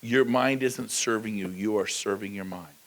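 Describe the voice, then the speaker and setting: A man giving a high-energy motivational talk at a conference, joking with the crowd and slipping into quick impressions of people. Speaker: keynote speaker. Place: large conference hall.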